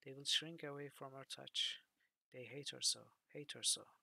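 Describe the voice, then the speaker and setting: Brief: fantasy game seer, a man doing an old woman with a hoarse chant, dry close sound. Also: medium pitch, fairly even intonation, sharp tone, dry recording, heavily acted. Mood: eerie. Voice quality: gravelly, hoarse whisper. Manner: slow, chanting. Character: strange old woman seer, gravelly, song-like.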